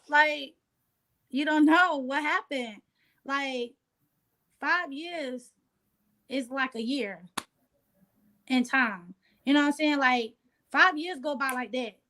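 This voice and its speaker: Laid-back woman in a casual interview. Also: high-pitched. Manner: relaxed, streetwise, keeps saying "you know what I'm saying". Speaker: interview guest.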